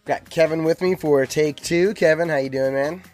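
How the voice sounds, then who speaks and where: A man's voice: on the high side, moderate pace, darkish tone, soft background music. A man hosting a video game podcast in casual chat, rambling with lots of ums and uhs. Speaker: podcast host.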